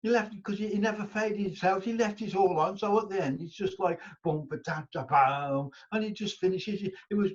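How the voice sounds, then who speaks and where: A man's voice: sits high, fairly even intonation, fast talker, hardly any pauses, darkish tone. Rambling older man. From England. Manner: rambling, many restarts and fillers. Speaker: guest musician. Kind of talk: casual interview storytelling. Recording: dull lo-fi audio.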